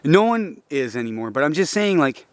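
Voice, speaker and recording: A young man in a rambling, profane monologue, agitated and preachy, dropping to low, frustrated mutters. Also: sing-song, normal speed, smooth, no echo. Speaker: vlogger.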